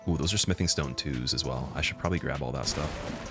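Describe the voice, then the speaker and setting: A low-voiced man giving casual live-stream commentary while he plays. He chats with his viewers, laughs often and gets loud and excited. Faint music plays behind him. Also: brisk. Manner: chatty and giggly, talks to chat, gets loud and excited. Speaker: game streamer.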